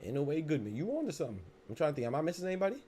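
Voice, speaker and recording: A man's voice: fairly high pitch, sing-song, rapid-fire, dark tone, slight background noise. A man hosting a live boxing podcast, reading chat comments and joking around with loose, profane mock anger and speech.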